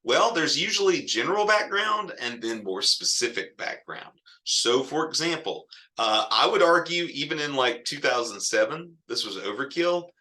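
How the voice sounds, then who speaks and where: A man's voice: mid-range voice, expressive, normal speed, few pauses, pushed and bright. A man teaching a college writing class in a recorded lecture, casual and wry, with self-deprecating asides.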